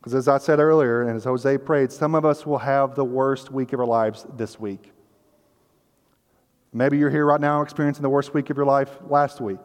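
With little movement in his medium-pitched voice, a pastor preaches at a moderate pace, earnest but conversational. He occasionally takes on the voices of the story's characters, and the sanctuary lends a long hall reverb.

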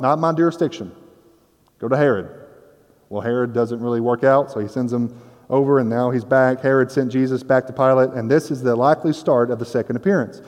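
A man's voice: medium pitch, darkish tone. A man preaching a conversational sermon, explaining scripture in a casual, explanatory way with playful asides. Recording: long hall reverb.

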